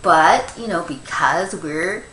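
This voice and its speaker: An older woman, a grandmother, giving a gentle, rambling devotional talk on Christian meditation, with many fillers. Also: lowish voice, slow, reverberant, a little hiss or hum, rough recording.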